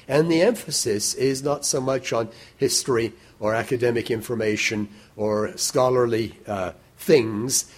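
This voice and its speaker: A man preaching a sermon in a measured way, slowing down to stress scripture and lifting his voice when he quotes it. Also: fairly low pitch, a little mellow, husky.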